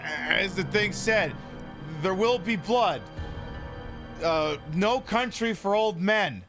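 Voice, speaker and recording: A man's voice: sits high, expressive, slow pace, over music. A man casually commenting on a game he is streaming, sarcastic and profane, rambling between topics.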